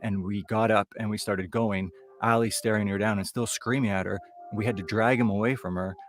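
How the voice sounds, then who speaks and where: Brief: comedian, male, from Toronto, lowish voice, conversational ghost-story telling. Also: fairly even intonation, fairly quick, slight background noise. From Toronto area, Canada. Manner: conversational, loose, building suspense. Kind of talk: live comic storytelling.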